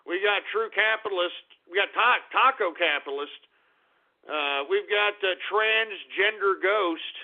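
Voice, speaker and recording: Man, radio host, ranting, profane, angry shouting bursts, high gravelly voice, tinny phone-like sound. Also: unhurried. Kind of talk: ranting internet radio talk.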